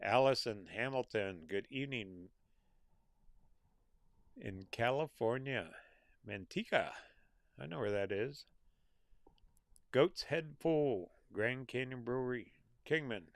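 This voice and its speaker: A folksy American man in middle age hosts a relaxed live stream, greeting viewers by name. He talks slowly and unhurriedly at a medium pitch. The sound is dry and close, with no room around it. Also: dry recording. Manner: easygoing, folksy, reads out viewer names and greetings. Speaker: livestream host reading viewer comments. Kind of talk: casual live chat.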